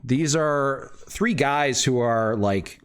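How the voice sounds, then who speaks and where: Slow, hesitant male game master. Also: medium pitch, clean tone. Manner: relaxed, hesitant, with many fillers. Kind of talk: narrating a tabletop game.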